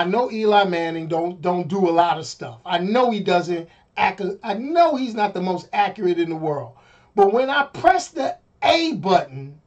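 Exasperated middle-aged man ranting live. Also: high voice. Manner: animated, exasperated, repeats himself. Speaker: streamer. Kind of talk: casual live-stream rant.

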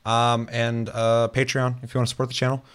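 A man's voice: medium pitch, monotone, brisk, a bit bright, smooth. A young man hosting a casual gaming podcast, laid-back and swearing freely as he rambles. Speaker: podcast host.

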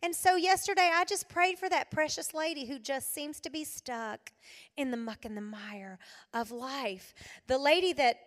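A middle-aged woman preaching to a women's gathering, animated, swinging between loud exclaiming and hushed soft passages. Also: high voice, moderate pace, long reverb tail. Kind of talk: sermon. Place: hall addressed to an audience.

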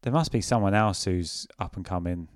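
A man co-hosting a casual wrestling podcast, relaxed and a bit hesitant, often asking questions. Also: sits low, normal speed. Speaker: podcast co-host.

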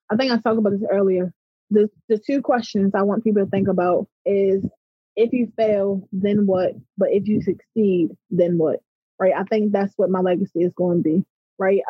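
A woman's voice: mid-range voice, husky, no room sound, dull audio. A middle-aged woman with a Baltimore accent, speaking passionately as an interview guest and often checking in with "right?". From Baltimore, USA. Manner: passionate, emphatic, repeats "right?". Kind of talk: conversational interview.

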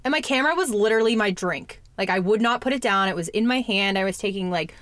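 A woman's voice: medium pitch, expressive, fast talker, fairly bright tone, no room sound. A young adult woman talking candidly in a casual chat, lots of "like" and the odd swear word. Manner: candid, chatty, fillers and swearing.

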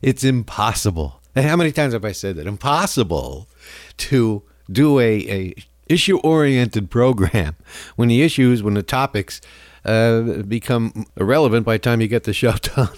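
A male talk radio host delivering an opinionated monologue in a dry studio sound. His pitch is middling, and he rambles with sarcasm, stammering through restarts and chuckling as he goes. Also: expressive, moderate pace, no room sound.

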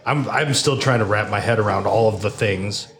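A man's voice: fairly low pitch, moderate pace, a bit bright. A man, a podcast guest, chatting casually and joking, often laughing as he talks. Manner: joking, laughing through his lines.

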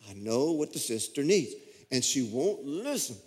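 Man, middle-aged, pastor preaching, folksy storyteller, medium pitch, long church reverb. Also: very animated, normal speed, a little mellow. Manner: folksy storytelling with self-deprecating humor. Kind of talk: sermon. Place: church sanctuary.

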